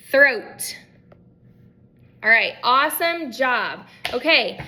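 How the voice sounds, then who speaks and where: A young adult woman, a speech language pathologist, leading an at-home practice lesson and modeling words slowly and clearly for children. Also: sits high, pushed and bright.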